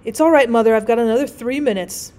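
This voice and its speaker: A woman voicing a stern but tired and sad father in a story reading, speaking briskly and quietly tenderly. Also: on the high side, close to an everyday voice. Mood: stern, gentle.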